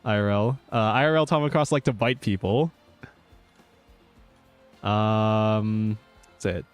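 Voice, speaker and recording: A man's voice: lowish voice, slow pace, clean tone, soft background music. A male VTuber chatting casually while streaming a game, rambling with lots of fillers and easy laughs. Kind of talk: casual gaming stream chat.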